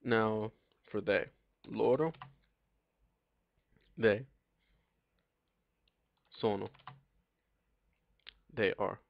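A young man giving a casual language lesson, pausing often with ums as he works through it, recorded on a computer mic with typing and clicks behind him. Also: lowish voice, creaky. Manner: halting, many ums and pauses. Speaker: teacher. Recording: dull lo-fi dry recording.

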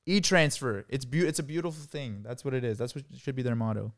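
A man's voice: mid-range voice, fairly quick. A young man from Canada co-hosting a podcast, rambling playfully and laughing often in casual chat. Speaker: podcast co-host.

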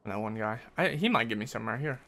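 A man's voice: fairly low pitch, animated, quick pace, sharp tone, soft background music. A man streaming live gameplay, venting frustration with sarcastic jokes and swearing while he plays. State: sweaty and worked up. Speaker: gaming streamer.

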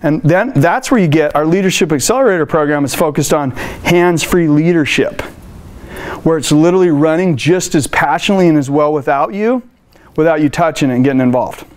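A man giving a motivational customer service training talk to a live room, energetic and playful, acting out phone calls. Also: on the high side, brisk.

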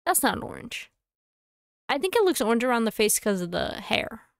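A woman's voice: fairly high pitch, very animated, gravelly, no room sound, clean studio sound. Chatty woman streamer thinking aloud. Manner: chatty, thinks aloud, quick asides and laughs. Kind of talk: casual live-stream chatter while playing a game.

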